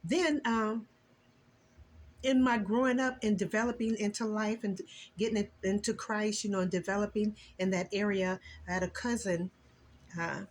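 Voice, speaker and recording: An older woman and grandmother sharing an earnest, emotional Christian testimony in a casual vlog, with a preachy, expressive delivery. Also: normal speed, a little hiss or hum. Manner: earnest, preachy and emotional, with lively swings in pitch. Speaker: vlogger.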